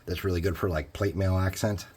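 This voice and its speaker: A man's voice: low voice, steady tone, fairly quick, a little mellow, slightly rough. A man talking casually through a painting tutorial, thinking aloud as he works. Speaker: hobby crafter.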